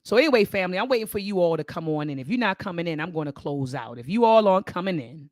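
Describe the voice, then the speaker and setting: A woman's voice: on the low side, expressive, fast, hardly any pauses, a little mellow, no echo, studio quality. A woman hosting a live-stream book club discussion, speaking with passion and a preacher-like cadence that repeats phrases. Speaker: host.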